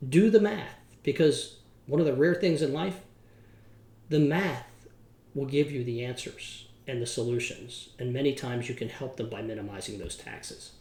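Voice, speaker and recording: A man's voice: mid-range voice, normal speed, a little mellow. A middle-aged man hosting a podcast, telling a story in a folksy, emphatic way. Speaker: podcast host. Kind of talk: podcast monologue with a told joke. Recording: roomy echo.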